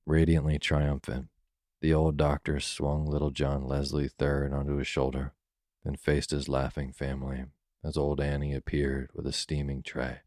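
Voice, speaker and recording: A man reading a classic story aloud in a calm, soothing bedtime manner, close to the mic. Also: rumbling low, moderate pace, no echo.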